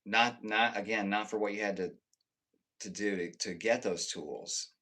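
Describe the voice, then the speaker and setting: A man chatting casually with viewers on a live stream. He rambles and swears freely, restarting his sentences, and swings between emphatic bursts and low muttered asides. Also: measured pace, sharp tone.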